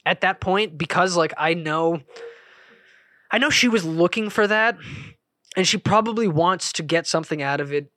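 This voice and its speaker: A man's voice: sits high, moderate pace, bright, forceful tone, no room sound, studio quality. A man hosting a podcast, telling a rambling, profane story in a casual monologue. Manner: rambling, profane, self-interrupting. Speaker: podcast host.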